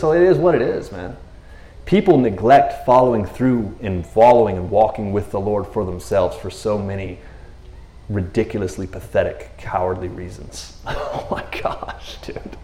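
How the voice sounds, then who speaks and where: Casual, chatty male preacher in an echoey room. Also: mid-range voice. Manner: conversational, animated, laughs often, keeps saying "you know what I mean". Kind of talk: casual sermon.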